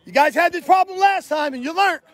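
A man's voice: very high-pitched, a little fast, a bit bright. A man, filming outdoors on his phone as he confronts police on his property, demanding and repeating himself. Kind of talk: heated confrontation, filmed live. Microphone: handheld phone camera.

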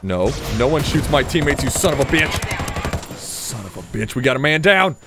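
Male gaming creator, jokey and theatrical, taunts foes, very lively pitch. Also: moderate pace, music in the background. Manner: joking, mock-dramatic, taunts enemies. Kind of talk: playful gameplay commentary.

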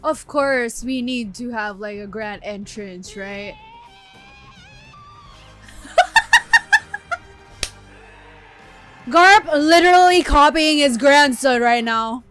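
A woman hosting an anime reaction video, giving live commentary in an excitable way, exclaiming and laughing often. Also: sits high, drawn-out words, long pauses, faint music behind.

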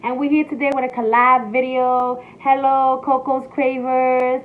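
Upbeat woman guest intro, high voice, phone-quality audio. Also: level tone, measured pace. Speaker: guest food vlogger. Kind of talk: casual video intro. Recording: tinny phone-like line with faint noise.

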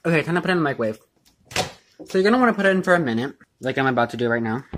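A young man rambles through a baking vlog in his home kitchen, his voice bright and forward. He talks loosely, full of fillers and casual swearing, and often pokes fun at himself. A faint hiss sits under the recording. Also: a little high, animated, rapid-fire. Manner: rambling, filler-heavy, swearing, self-mocking. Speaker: vlogger.

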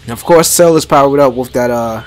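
A young man giving excited, slangy let's-play commentary and talking back to the game. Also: mid-range voice, a little fast, faint music behind. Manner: hyped, slangy, talks back to the game, many restarts. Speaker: gaming YouTuber.

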